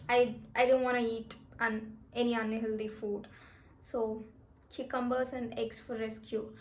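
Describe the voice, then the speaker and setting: A young woman with a slightly high voice gives life advice in a casual vlog. She talks in a chatty, emphatic way and now and then eats while she speaks. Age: 20s. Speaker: vlogger.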